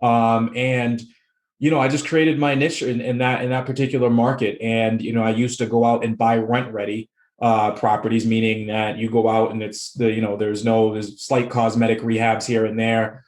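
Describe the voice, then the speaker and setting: A laid-back man from the Boston area with a mid-range voice, talking as a podcast guest. He laughs easily and strings his thoughts together with plenty of fillers. The sound carries a clear echo of the room around him. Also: mid-range voice, level tone, normal speed, a little mellow. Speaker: guest, real estate investor. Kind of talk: casual interview chat.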